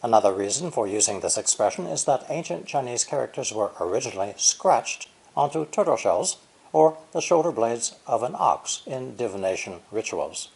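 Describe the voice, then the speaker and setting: A man in his sixties narrating a scripted language lesson in a measured, explanatory way, stressing syllables and tones. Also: mid-range voice, big pitch swings, creaky, a little mellow, breathy edge, low-quality recording. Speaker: language teacher.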